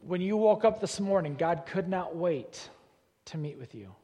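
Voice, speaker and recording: A pastor preaching to his congregation, his voice sitting a little higher than most men's. He presses his points with repeated words and climbs to loud, emphatic peaks. The long reverb of a large church hall trails after every phrase. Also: lively intonation, normal speed. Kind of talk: sermon. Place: church sanctuary.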